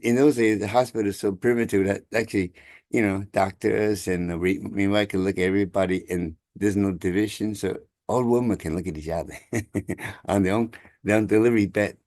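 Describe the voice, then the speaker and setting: A man, telling a family story over a video call in halting, chuckling speech. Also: lowish voice, darkish tone, dry recording, studio quality. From Taiwan. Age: 60s. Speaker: congregation member sharing gratitude. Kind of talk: casual storytelling.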